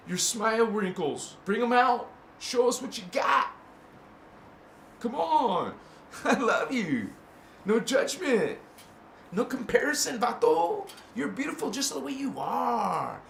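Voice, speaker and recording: A man hosting a casual spiritual talk to camera, playful and slangy, swinging between loud bursts and hushed murmurs and chanting made-up syllables. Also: a little high. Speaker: spiritual channel host. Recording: echoey room with faint ambient noise.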